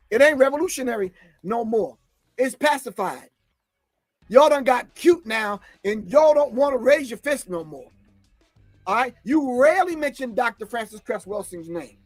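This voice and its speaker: A man's voice: very high voice, dry recording. A man giving an impassioned spoken lecture, emphatic and scolding, repeating lines and asking "all right?" for emphasis. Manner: scolding, confrontational. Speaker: commentator.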